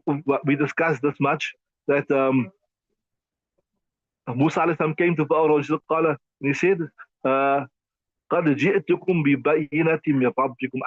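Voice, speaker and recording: Male religious teacher, slightly high voice, emphatic and chatty with fillers; dry, muffled recording. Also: no echo. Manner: conversational, repetitive, emphatic with many fillers. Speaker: Islamic teacher. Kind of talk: tafsir class lecture. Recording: dull lo-fi dry sound.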